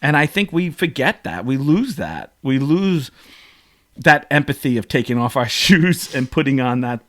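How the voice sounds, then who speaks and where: Guy with a bright forceful voice just chatting on his podcast, rambly and emotional. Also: medium pitch, sing-song, moderate pace. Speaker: podcast host. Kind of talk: casual chat.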